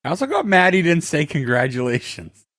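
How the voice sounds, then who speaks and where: A man's voice: fairly high pitch, very animated, a little fast, fairly bright tone, dry recording, studio quality. A man co-hosting a podcast, chatting casually with wry joking asides. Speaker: podcast co-host. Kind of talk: casual chat.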